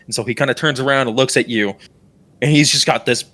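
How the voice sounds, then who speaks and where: A man's voice: mid-range voice, fast talker, bright, forceful tone. A man narrating a tabletop game as dungeon master, in a casual, rambling way full of fillers.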